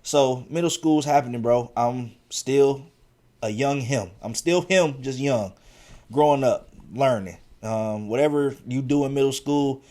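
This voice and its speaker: A podcast host from central Ohio tells stories from his school years in a loose, slangy way. His voice sits at an ordinary pitch for a man. He stumbles and restarts often as he gets animated. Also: measured pace. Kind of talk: casual storytelling monologue.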